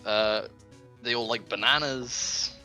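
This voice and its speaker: A man's voice: mid-range voice, slow pace, pushed and bright, faint music behind. A young man co-hosting a game stream, telling rambling jokes with stumbles and swearing in casual chat.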